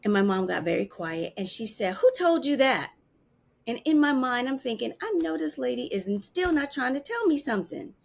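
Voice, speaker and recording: A woman's voice: a little high, brisk, creaky, hardly any pauses. A woman in her fifties, an interview guest telling a personal story and acting out the voices of the people she quotes. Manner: animated, acts out quoted voices.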